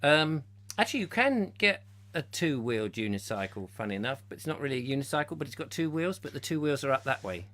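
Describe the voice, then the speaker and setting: Alberner Moderator mit heller Stimme. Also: male voice, medium pitch, very animated, fast, fairly bright tone. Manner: ranty, silly, rambling banter. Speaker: host. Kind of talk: comic live chat show.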